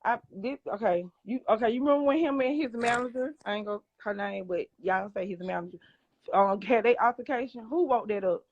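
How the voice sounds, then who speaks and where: A woman's voice: on the high side, a little fast, dry recording. Woman pressing questions, dull dry sound. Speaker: live-stream host. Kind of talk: probing questions on a live stream.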